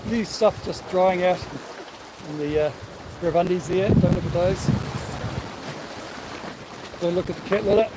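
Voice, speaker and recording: Jokey Kiwi man with a high voice. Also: fairly even intonation, unhurried, pauses often. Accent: New Zealand. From New Zealand. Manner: jokey, upbeat, rambling. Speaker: sailing vlog host. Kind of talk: casual live-stream chat. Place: on a sailboat at sea, outdoors. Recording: wind and water noise on deck.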